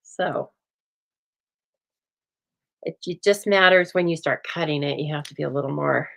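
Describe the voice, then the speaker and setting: A woman hosting a casual craft demonstration, chatty and often laughing, with a calm, soothing voice and a dry deadpan humor, recorded on a phone. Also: low-pitched, a little slow, gravelly, rough recording. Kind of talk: casual chat during a craft demo.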